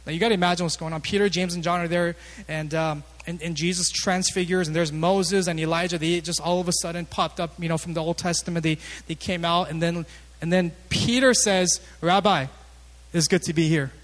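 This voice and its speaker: A man preaching a sermon as pastor, conversational with joking asides and animated emphasis. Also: a little high, fairly quick. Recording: long reverb of a large hall.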